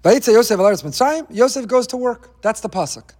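Teaching his weekly Torah class, a high-voiced man tosses in wry asides and jokes, sounding animated, a little fast, and slightly mellow. A long, hall-like reverb trails his words.

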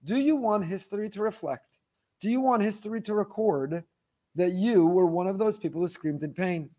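High-voiced man giving an impassioned lecture. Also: moderate pace, mellow. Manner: impassioned, repeats phrases and rhetorical questions. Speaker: Torah teacher. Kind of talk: weekly faith lecture.

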